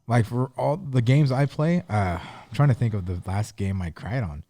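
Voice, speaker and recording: Male co-host, low mellow voice, dry close sound, earnest detailed storyteller. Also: normal speed, no echo. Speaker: podcast co-host. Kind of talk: casual chat.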